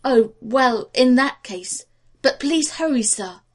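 A woman's voice: high-pitched, expressive, slow, husky, full character voice. A woman reading the lines of a courteous male ship's officer in an audiobook. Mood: yielding. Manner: courteous, formal.

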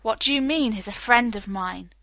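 A woman reading the part of a gruff, grouchy middle-aged police captain with a curt, grumbling manner. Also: fairly high pitch, normal speed, fairly bright tone, dry recording, natural voice.

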